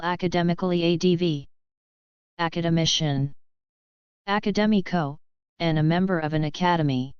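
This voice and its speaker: Slow, clear woman reading dictionary entries. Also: lowish voice, no echo, muffled recording. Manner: slow, measured, list-like reading. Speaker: dictionary reader.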